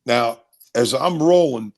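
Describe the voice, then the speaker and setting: Sixties ex-football guest, gravelly, punchy storyteller. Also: male voice, medium pitch, slow pace. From Maryland, USA. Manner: lively, punchy anecdotes with repeats. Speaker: former football player, guest. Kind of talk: animated storytelling.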